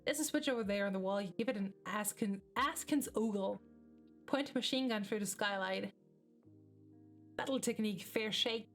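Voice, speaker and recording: Woman streamer, mid-pitch voice, casual webcomic read-aloud with laughing, swearing asides, faint music underneath. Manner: reads in a measured voice, breaks into laughing, swearing reactions. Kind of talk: casual live reading of a webcomic.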